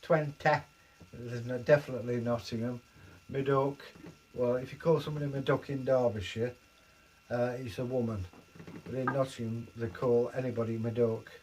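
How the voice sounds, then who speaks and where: Man, casual livestream co-host, medium pitch. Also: steady tone, moderate pace, a little mellow, a little hiss or hum, low-quality recording. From southern England. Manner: chatty, slips into accent impressions.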